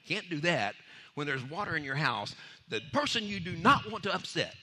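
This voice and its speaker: A man preaching a sermon in a lively, conversational way, acting out the voices of the people in his story and laughing between points. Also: on the high side, fairly quick, a little hiss or hum. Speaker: pastor.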